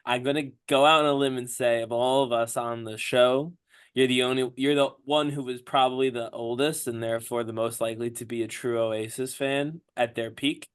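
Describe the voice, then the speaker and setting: A man's voice: medium pitch, steady tone, normal speed, smooth. Rambling, hesitant podcast host man. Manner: rambling, hesitant, many fillers and laughs. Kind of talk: casual chat.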